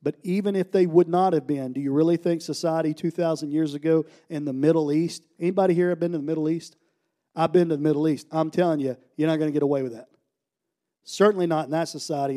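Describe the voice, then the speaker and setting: A man from the United States preaching a sermon, telling a story and swinging from hushed, slow lines to loud, emphatic ones. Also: a little high. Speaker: pastor.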